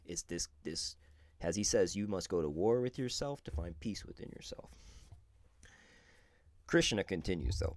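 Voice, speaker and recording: A man's voice: deep voice, expressive, moderate pace, long pauses, darkish tone, no echo. A man hosting a podcast, talking through spiritual ideas in a thoughtful, conversational way and sometimes correcting himself mid-sentence. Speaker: podcast host. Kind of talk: reflective podcast commentary.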